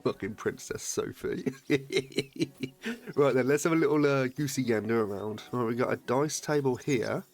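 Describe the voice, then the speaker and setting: A man streaming a video game live, commenting in a playful, excitable way and swearing freely. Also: medium pitch, moderate pace, soft background music.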